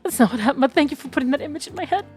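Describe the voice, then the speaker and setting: A woman's voice: high-pitched, expressive, very fast, darkish tone, faint music behind. A woman voicing a menacing, teasing female axe killer in a dating game.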